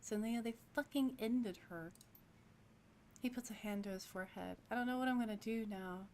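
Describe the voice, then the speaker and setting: A woman's voice: fairly high pitch, moderate pace, a little hiss or hum, lightly acted. A woman voicing a grieving, volatile young male ex-cop who swears and rants angrily. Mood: bitter. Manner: swearing, angry and ranting.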